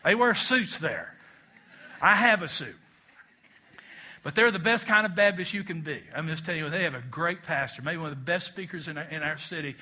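A male pastor preaches to a congregation in church. His voice sits high and rings bright and forceful. He delivers the sermon with animated swings and pulls the crowd into call-and-response. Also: moderate pace.

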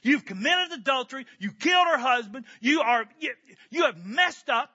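A man playing a stern male royal advisor who loudly and forcefully scolds a king. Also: sits high, wildly swooping pitch, rapid-fire, breathy edge, exaggerated voice. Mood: scolding. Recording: dull lo-fi recording.

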